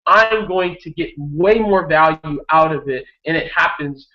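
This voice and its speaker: A young man giving a motivational talk on a video hangout, energetic and repetitive, often tagging "right?" on his sentences. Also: a little high, measured pace, highs cut off. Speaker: network marketing coach.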